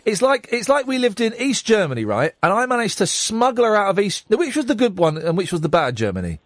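A man hosting a radio show, telling a story in a jokey, animated way from a studio microphone. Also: high-pitched, brisk, dry recording. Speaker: radio host. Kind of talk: casual radio chat.

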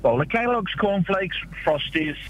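A man calling in to a radio show, hesitant and flattering as he praises the host. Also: sits high, a little slow, dull audio. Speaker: caller. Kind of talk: call-in chat.

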